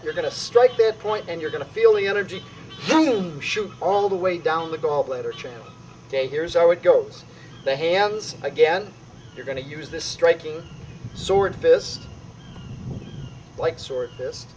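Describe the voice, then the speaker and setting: Energetic man teaching qi gong. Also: a little hiss or hum, poor audio. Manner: energetic, emphatic, punctuating moves with "boom". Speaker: qi gong instructor. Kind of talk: demonstrating exercises on video.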